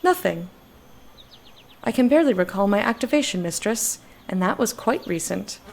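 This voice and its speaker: A woman's voice: medium pitch, lively intonation, moderate pace, creaky, a little mellow. A woman reading game dialogue aloud as a formal, literal-minded robot servant. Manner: stiff, literal, polite, says "mistress".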